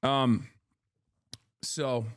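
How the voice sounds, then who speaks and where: Male streamer, casual and joking, loose rambling delivery, mid-pitched, dry close sound. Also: flat delivery, extremely slow, clear, resonant tone, dry recording. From United States. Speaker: streamer and political commentator. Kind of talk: casual live-stream chat, reading chat aloud.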